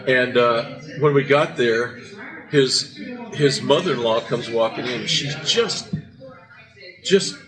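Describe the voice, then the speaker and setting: A man's voice: mid-range voice, expressive, slow pace, pauses often, crowd noise, poor audio. An older man hosting a casual breakfast chat, telling meandering stories full of fillers and restarts in a restaurant. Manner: rambling storyteller with many fillers and restarts. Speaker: podcast host. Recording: background music.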